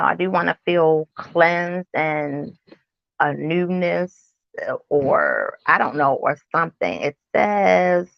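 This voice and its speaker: A woman's voice: low-pitched, creaky, dry recording, lo-fi sound. A woman in her forties chatting to camera about skincare in a rambling way and asking her viewers questions. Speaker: wellness vlogger. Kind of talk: casual chat to camera.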